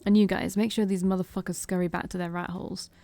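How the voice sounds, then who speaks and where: A gruff male vampire gang boss, as a woman puts him on in a game story, booming and curt, swearing freely. His voice sits mellow and warm rather than bright. It is recorded dry and close. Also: level tone, fast talker, no echo, faint music behind, natural voice. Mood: angry.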